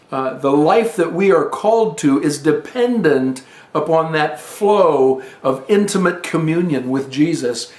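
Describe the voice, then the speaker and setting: A man preaching a teaching sermon, telling a scripture story in an earnest, unhurried way with pauses. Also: a little high, roomy sound.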